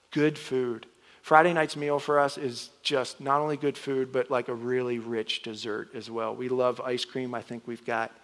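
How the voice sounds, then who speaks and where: A man's voice: medium pitch, vocal fry. A middle-aged man preaching a sermon as a pastor, talking conversationally and acting out little exchanges from home. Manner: conversational, animated, acts out home dialogue. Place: church auditorium. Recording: long hall reverb.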